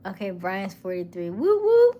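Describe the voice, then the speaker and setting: A woman's voice: mid-range voice, wildly swooping pitch, moderate pace, mellow, slight background noise. A woman hosting a casual live chat, reading viewer comments, laughing often and dropping into whispers. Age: middle-aged. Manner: chatty, laughing, drops to whispers. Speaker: livestream host.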